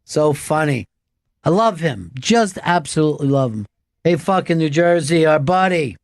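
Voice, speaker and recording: A man's voice: on the high side, animated, normal speed. A man hosting a radio show in loose, profane, casual chat full of fillers.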